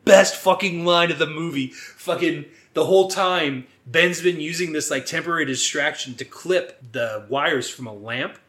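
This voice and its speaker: An animated man co-hosting a casual podcast, retelling a movie scene by scene. His voice sits a little high, and he throws himself into quoting the characters with a lot of swearing. The room around him rings with echo. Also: normal speed, hardly any pauses. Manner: animated, swears often, acts out quotes. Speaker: podcast co-host. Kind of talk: casual chat recapping a movie.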